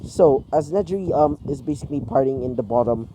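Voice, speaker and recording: A man improvising a fan fiction story aloud, halting with many fillers. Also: mid-range voice, expressive, mellow, a little hiss or hum, rough recording.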